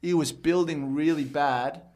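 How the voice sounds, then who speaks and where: A man's voice: on the high side, steady tone, unhurried, darkish tone. Candid young man rambling in chat. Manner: candid, rambling, repeats words. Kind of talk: casual chat.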